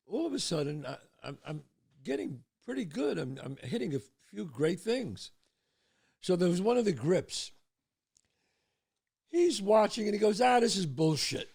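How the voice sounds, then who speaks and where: An older man hosting his show, telling a personal story in a casual, animated way and dropping low and quiet at the tense parts. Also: vocal fry, breathy edge. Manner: animated storyteller, drops to hushed tones for suspense. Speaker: podcast host.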